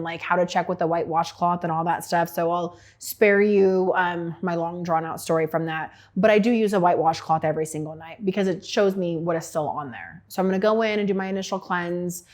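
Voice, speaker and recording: A woman's voice: lowish voice, brisk, few pauses, a little mellow. Chatty, frank woman esthetician. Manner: chatty and frank, with lots of fillers. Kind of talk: casual skincare vlog.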